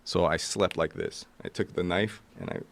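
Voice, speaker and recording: A man's voice: low voice, moderate pace, slight background noise. A man telling a wild hitchhiking story in a casual, profane way, acting out what people said. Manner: animated, profane, acts out quotes.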